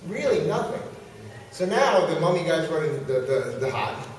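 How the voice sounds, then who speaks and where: A man, a pro wrestler guest, telling an animated story and laughing as he goes, at a convention. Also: on the high side, moderate pace, a little hiss or hum. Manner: lively, laughing as he tells the story. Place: large convention hall. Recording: echoey hall picked up from far off.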